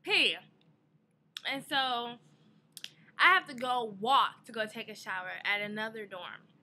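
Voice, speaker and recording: A woman's voice: on the high side, measured pace, pushed and bright. A young woman in a casual vlog, telling an exasperated story about her day with a lot of swearing. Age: young adult. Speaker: vlogger.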